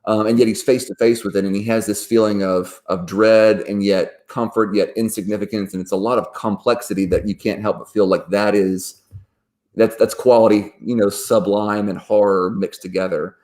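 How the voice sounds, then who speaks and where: Low-voiced thoughtful man. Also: steady tone, moderate pace, darkish tone. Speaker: panel guest. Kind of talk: casual panel discussion.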